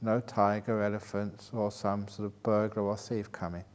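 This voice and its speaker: Older man, Buddhist monk, dharma talk, anecdotal, amused, animated questions. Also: on the low side, normal speed. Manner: anecdotal, chuckles at his own jokes; rises into animated rhetorical questions. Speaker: Buddhist monk teaching a meditation retreat.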